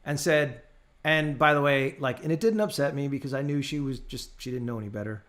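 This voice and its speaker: A man's voice: mid-range voice, a little fast. A man running a casual live training class over a video call, telling stories and acting out the people in them. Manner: animated storytelling, acts out his clients' voices. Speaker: real estate trainer.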